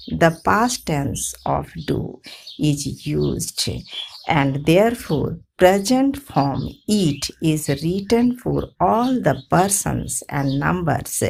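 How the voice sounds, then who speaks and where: Teacher, female, slow and gravelly, methodical drills, lowish voice. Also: a little mellow, slight background noise. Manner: measured, methodical, repetitive drilling. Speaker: English teacher. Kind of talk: slow grammar lesson with drilled example sentences.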